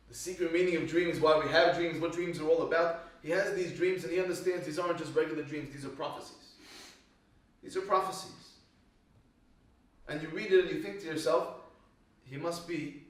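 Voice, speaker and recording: A fairly high-voiced man teaches a Torah class to a small live group, spinning animated stories and firing questions at the listeners. He sounds far from the mic in a very echoey room. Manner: animated storytelling, quizzes the audience.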